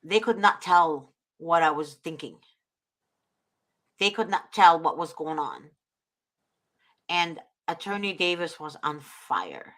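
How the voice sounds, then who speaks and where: A woman's voice: low-pitched, animated, slow pace, long pauses, a bit bright. A woman hosting a talk show, giving earnest, preachy advice and repeating her points. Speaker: host.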